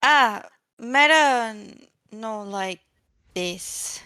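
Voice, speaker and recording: A woman's voice: a little high, animated, drawn-out words, sharp tone, smooth, no room sound. A woman player voicing her character at a tabletop game with short squeals and questions.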